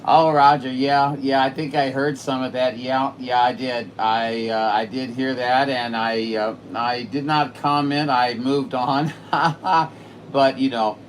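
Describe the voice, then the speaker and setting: A man on his home radio setup, chatting excitedly on the air with a distant station. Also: mid-range voice, takes it slowly, a little hiss or hum. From Saint Louis, Missouri. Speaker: radio operator streaming live. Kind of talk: casual radio chat.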